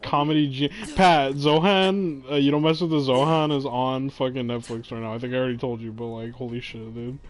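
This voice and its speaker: A young man chatting casually with his partner at a middle pitch. He is laid-back and jokey, swears often, and shrugs off teasing. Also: steady tone, fairly quick, few pauses. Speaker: boyfriend chatting on camera. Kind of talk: casual chat.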